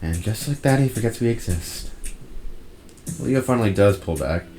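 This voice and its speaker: Low-voiced man reading a visual novel. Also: lively intonation, moderate pace, warm tone, soft background music, poor audio. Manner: wry joking asides. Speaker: visual novel narrator and player.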